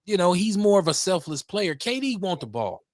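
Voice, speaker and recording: A man on a casual sports talk show, animated and joking, often repeating himself. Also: sits high, normal speed, dry recording, studio quality.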